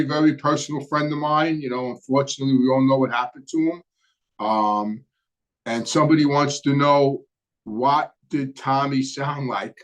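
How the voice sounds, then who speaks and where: A middle-aged man with a Brooklyn accent, hosting a casual live stream and answering viewer questions in a relaxed, rambling way with many hesitant fillers. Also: medium pitch. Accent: Brooklyn New York. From New York. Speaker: host.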